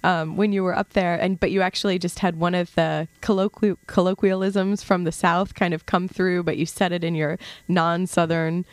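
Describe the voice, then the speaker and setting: A woman hosting a radio interview in a studio, halting and restarting her questions. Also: fairly low pitch, steady tone, no echo. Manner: hesitant, many fillers and restarts. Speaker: radio show host.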